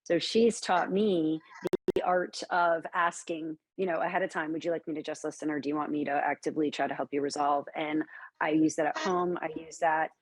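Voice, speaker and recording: Brief: woman guest, middle-aged, low voice, gentle measured talk. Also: steady tone, no room sound, low-quality recording. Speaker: guest, author and speaker. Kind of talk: calm interview answers.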